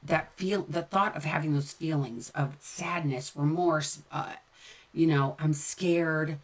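A woman's voice: low voice, fairly even intonation, moderate pace. A middle-aged woman speaking candidly and conversationally about her own recovery, often repeating phrases for emphasis. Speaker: sober-living speaker. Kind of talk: personal recovery talk.

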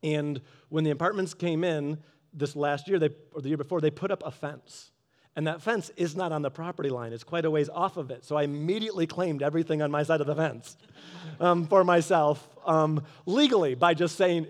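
Animated high-voiced man telling a story. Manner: animated storytelling, acting out both sides of quarrels. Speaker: Christian speaker. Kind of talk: casual devotional talk. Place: garage office.

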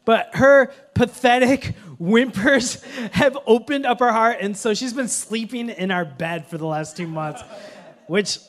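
A man preaching a sermon in a conversational way, mixing humorous family stories with earnest teaching and swinging from hushed lines to loud ones. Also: very high voice, unhurried. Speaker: pastor.

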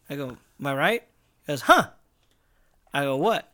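A man's voice: medium pitch, very animated, normal speed, long pauses, pushed and bright, no room sound, clean studio sound. A young man co-hosting a podcast, telling crude stories in casual banter and acting out the people he quotes. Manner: joking storyteller, acts out quotes. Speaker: podcast co-host.

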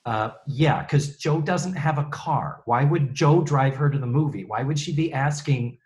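A man's voice: mid-range voice, unhurried. A man co-hosting a casual chat, recapping an old sitcom with sarcastic, swearing asides and quoted lines. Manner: sarcastic, animated storytelling with mock quotes. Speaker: podcast co-host recapping a sitcom.

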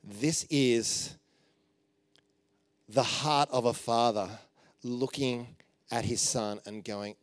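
A man preaching a conversational sermon, telling stories with playful jokes and asides, and dropping to a soft voice for emphasis. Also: mid-range voice, fairly even intonation, slow, pauses often, no room sound. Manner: informal and joking, with many fillers and playful asides.

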